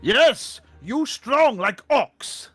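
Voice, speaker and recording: A man voicing a hulking male minotaur who speaks slowly in loud, broken sentences. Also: very high-pitched, lively intonation, husky, faint music behind, voice pushed up, exaggerated voice. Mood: booming. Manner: loud, slow, broken grammar.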